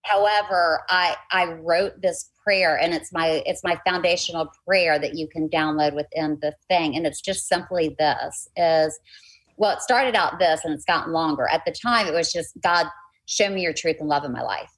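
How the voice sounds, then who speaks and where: A woman's voice: low-pitched, moderate pace, fairly bright tone, poor audio. A woman life coach talking earnestly in a casual conversation, chatty and faith-filled, often restarting her sentences.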